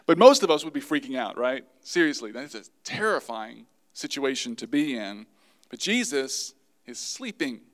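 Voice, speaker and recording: A man preaching a sermon to his congregation, lively and acting out the voices he quotes. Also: medium pitch, normal speed. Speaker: pastor.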